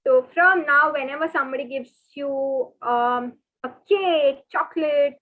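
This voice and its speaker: A woman teaching French in an online lesson, patiently repeating each word slowly and often. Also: high-pitched. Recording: thin phone-like webinar audio.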